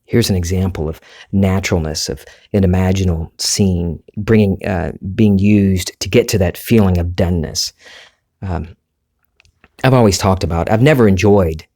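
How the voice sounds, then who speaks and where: A man with a Southern US accent, hosting a solo podcast and talking in a relaxed, rambling, conversational way. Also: deep voice, normal speed. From Southern United States. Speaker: podcast host. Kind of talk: reflective solo podcast monologue.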